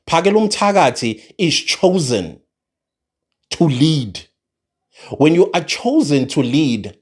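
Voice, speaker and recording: A man, delivering an impassioned political commentary monologue, emphatic and repeating his points for force. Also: high-pitched. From South Africa.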